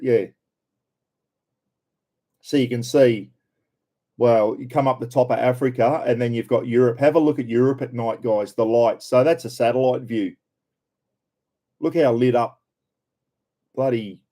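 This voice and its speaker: A man's voice: mid-range voice, dark tone. An older Australian man hosting a casual live stream, chatting and greeting viewers by name.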